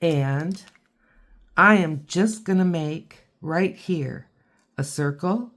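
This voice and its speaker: A woman giving a relaxed watercolor tutorial, chatting and thinking aloud as she paints. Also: deep voice, slow. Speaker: art teacher.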